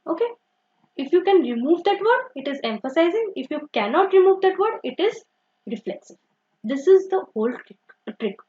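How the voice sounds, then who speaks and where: A woman's voice: very high-pitched, very animated, moderate pace. A young woman teaching grammar, explaining step by step and often saying "okay" and "so" as she corrects herself. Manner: repetitive, uses "okay" and "so" often, self-correcting. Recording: dull lo-fi recording.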